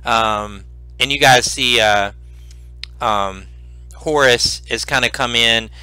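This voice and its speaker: A man narrating as game master in a tabletop game, halting with many fillers. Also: mid-range voice, pushed and bright, smooth, dry recording, faint music behind.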